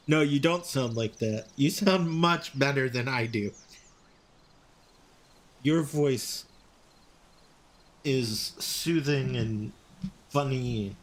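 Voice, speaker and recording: A man's voice: medium pitch, very slow, pauses often. A man in his fifties, a game streamer chatting casually with viewers in chat while he plays. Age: 50s. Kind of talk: casual live-stream chat over gameplay.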